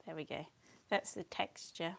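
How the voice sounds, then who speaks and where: A woman chatting casually on a live stream while she paints, scattered and quick to laugh, muttering asides to herself. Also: fairly low pitch, fairly even intonation, creaky. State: a bit out of breath.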